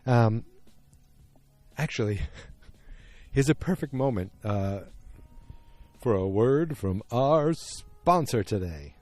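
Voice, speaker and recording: A man's voice: medium pitch, lively intonation, takes it slowly, pauses often, dark tone, no room sound. A man hosting a podcast, recapping an episode in a casual, rambling way with lots of fillers and restarts. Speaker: podcast host.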